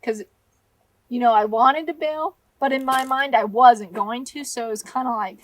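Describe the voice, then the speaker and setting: A young adult woman rambling through a casual interview, halting often and laughing as she talks. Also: a little high, dry recording, poor audio. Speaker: climber telling her story.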